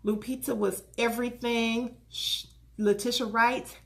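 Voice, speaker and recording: Woman vlogger, gravelly texture, lively exclamatory casual chat. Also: a little high, measured pace. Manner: animated, chatty, exclamatory.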